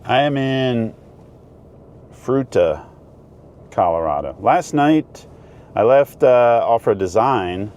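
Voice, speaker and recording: A man's voice: medium pitch, animated, takes it slowly, pauses often, a little mellow, dull audio. A man chatting casually to camera on a road trip vlog, rambling and upbeat. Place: in a truck and outdoors.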